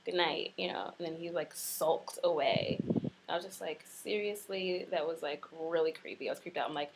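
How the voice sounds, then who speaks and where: A woman's voice: sits low, fairly even intonation, brisk, vocal fry, very noisy. A young woman vlogging from her apartment, telling a rambling story full of "like" and "um". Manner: rambling, filler-heavy storytelling with lots of "like". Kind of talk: casual chat. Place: apartment in Florence.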